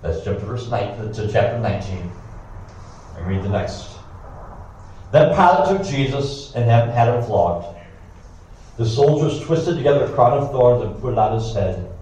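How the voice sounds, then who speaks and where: A man reading scripture aloud with brief comments of his own, steady but with occasional stumbles and asides. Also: medium pitch, moderate pace, long pauses, a little hiss or hum. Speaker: scripture reader. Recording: echoey room, distant mic.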